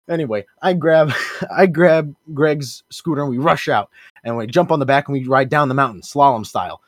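A young man co-hosting a podcast, telling a rambling absurd story in an animated way and shouting out the characters' lines. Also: mid-range voice, no echo. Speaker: podcast co-host.

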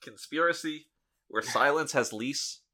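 A man's voice: mid-range voice, measured pace, sharp tone. A man co-hosting a podcast in casual chat, talking with dry, sarcastic humor. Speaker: podcast co-host.

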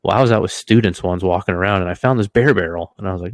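A lively storyteller with a lowish voice, this man co-hosts a casual podcast and curses freely as he talks. The sound is dry and close, with no room around him. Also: rapid-fire, no room sound. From Washington state, US. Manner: animated storyteller, swears freely, laughs through his stories. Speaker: podcast co-host.

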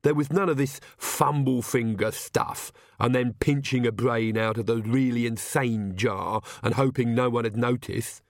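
A man voicing a haughty, grumbling male castle servant who speaks slowly. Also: medium pitch, dry recording, clean studio sound, lightly acted.

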